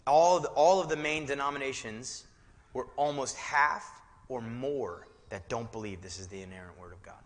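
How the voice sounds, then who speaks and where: A man's voice: mid-range voice, moderate pace. A male pastor preaching a sermon, shifting between easy conversational asides and fervent, emphatic exhortation. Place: church sanctuary. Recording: reverberant church hall.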